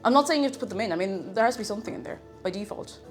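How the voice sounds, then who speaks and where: Speaking very fast at a medium pitch with lively intonation, a young woman casually reads her stream chat aloud. She's bubbly and playful, tossing in sing-song asides, a little out of breath, with music in the background.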